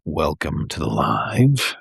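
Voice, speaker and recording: A man's voice: rumbling low, huge pitch swings, slow, creaky, fairly bright tone, husky, dry recording, studio quality. A man hosting a livestream, reading a picture book aloud in a chatty, rambling way with many fillers. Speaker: livestream host reading stories. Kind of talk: casual read-aloud storytelling.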